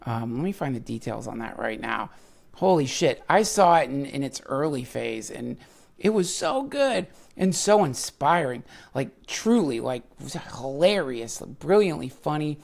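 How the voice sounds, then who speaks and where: A man's voice: medium pitch, sing-song, measured pace, gravelly. A man hosting a podcast, rambling through a casual ad read with fillers and self-mocking asides. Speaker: podcast host.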